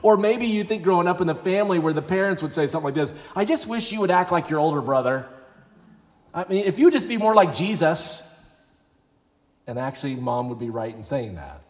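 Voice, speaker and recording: With an expressive voice on the high side, a pastor talks fairly quickly through a conversational sermon in a church sanctuary, sometimes acting out the people he quotes. The sound is that of a big room.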